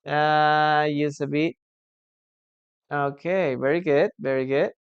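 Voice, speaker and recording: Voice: medium pitch, fairly even intonation, takes it slowly, smooth, highs cut off. An English teacher giving a live online lesson, reading out student sentences and patiently correcting them, often ending with a questioning "no?". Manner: ends points with a questioning "no?".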